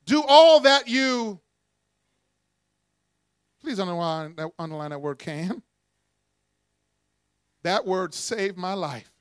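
A man preaching, leading the congregation to repeat lines after him. His voice sits high and he tells stories with animated energy and laughter. The sound is dry and close. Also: slow, pauses often, clean tone, no room sound. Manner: call-and-response preaching, animated storytelling with laughs. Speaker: pastor. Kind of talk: sermon.

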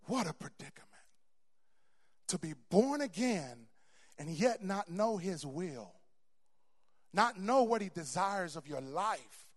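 A man preaching a sermon to a congregation, stammering on repeats and building to loud, emphatic peaks. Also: sits high, lively intonation, slow pace, pauses often. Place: church before a congregation.

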